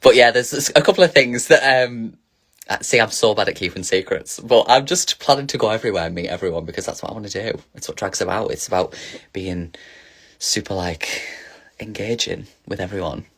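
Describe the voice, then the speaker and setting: A man's voice: lowish voice, fairly quick, fairly bright tone. A man casually chatting on a phone livestream as a drag performer, reading viewer questions aloud and answering with camp, giggly energy.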